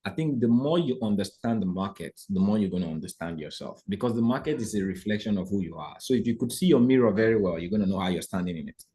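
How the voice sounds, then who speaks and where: Talking quickly with hardly any pauses, a fairly low-pitched man runs a live trading class. He preaches more than he lectures, animated and posing rhetorical questions, and regularly checks in with the people watching.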